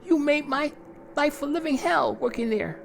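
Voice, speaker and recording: A man voicing a furious, unhinged woman getting revenge on a coworker, in a shrill shrieking falsetto. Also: moderate pace, gravelly, background noise. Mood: spiteful.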